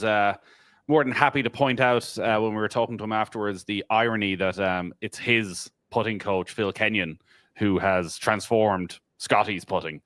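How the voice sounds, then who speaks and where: A man talking golf on a live podcast panel, his voice sitting somewhat low. The sound is dry and close, with no room around it. He tells stories from the course casually and likes to mimic the fans he overheard. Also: a bit bright, dry recording. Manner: chatty storyteller, mimics crowd voices.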